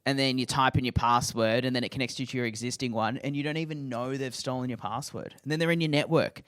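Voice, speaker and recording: A man's voice: medium pitch, fairly even intonation, fast talker, a bit bright, clear, resonant tone, no echo, clean studio sound. A man co-hosting a comedy podcast, telling rambling, playful stories in casual chat. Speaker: podcast co-host.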